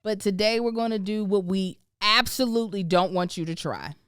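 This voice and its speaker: A woman hosting a casual podcast chat, expressive, laughing often and drawing out words for emphasis. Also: medium pitch, normal speed, clear, resonant tone. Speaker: podcast host.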